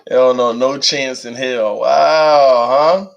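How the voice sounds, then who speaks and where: A man hosting a casual live stream, animated and laughing often as he reads viewer comments aloud. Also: medium pitch, takes it slowly, creaky, lo-fi sound. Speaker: live-stream host reading chat.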